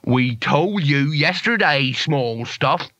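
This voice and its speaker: A man's voice: fairly high pitch, animated, takes it slowly, bright, forceful tone, no echo, full character voice. A man doing a snarling, bullying thug leader. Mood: threatening. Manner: snarling, threatening. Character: gruff menacing male thug leader, bullying.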